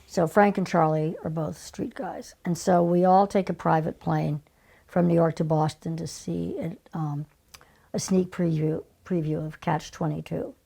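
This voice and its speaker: Gravelly older woman, husky storyteller. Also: sits low, unhurried. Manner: animated, conversational, acts out remembered exchanges. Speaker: guest, former casting director. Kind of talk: storytelling in conversation.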